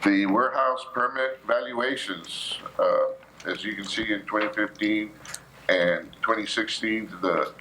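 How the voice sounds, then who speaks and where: Halting, bright-voiced man addressing council. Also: on the low side, slight background noise, poor audio. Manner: halting, many fillers and restarts. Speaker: city official presenting to council. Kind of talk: economic overview at a public meeting. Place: city council chamber.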